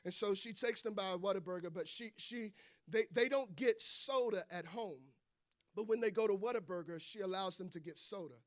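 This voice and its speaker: A preacher delivering a sermon, telling stories in a conversational way and building to emphatic declarations. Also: male voice, sits high, moderate pace.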